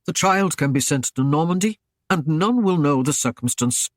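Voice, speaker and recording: A man's voice: on the high side, animated, moderate pace, no room sound, clean studio sound, natural voice. A man voicing a stern, proud Norman lord who speaks in a curt, growling, commanding way. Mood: measured.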